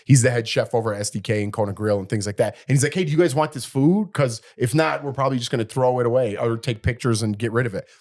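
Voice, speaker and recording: A middle-aged man co-hosting a podcast tells a story in casual chat, acting out the people he quotes. His voice sits at medium pitch, and he talks fast with few pauses, an animated storyteller throughout.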